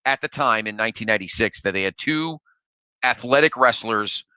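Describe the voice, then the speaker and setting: A man's voice: on the low side, brisk, pushed and bright, clear, resonant tone, no echo. A man co-hosting a podcast in casual chat, hesitant with many fillers and restarts. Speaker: podcast co-host.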